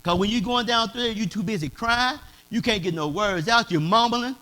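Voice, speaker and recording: High, bright-voiced preaching pastor. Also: male voice, normal speed. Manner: preaching in a dialect, swelling to shouts. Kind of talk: sermon.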